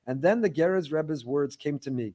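Male class teacher, slightly higher voice, reads listener emails aloud, lively storytelling, dry little asides. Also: normal speed. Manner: animated storytelling with wry asides.

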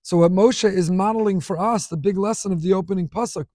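A man's voice: high voice, a little fast, warm tone, no echo, clean studio sound. A man teaching a Torah lesson as a rabbi, speaking emphatically and stacking up repeated phrases. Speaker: rabbi teaching a weekly class.

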